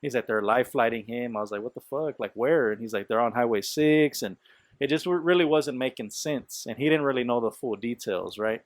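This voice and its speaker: A podcast host with a medium-pitched voice talks a little fast, with no room sound in the recording. He tells a story in loose, casual speech packed with swearing, fillers, and quoted lines.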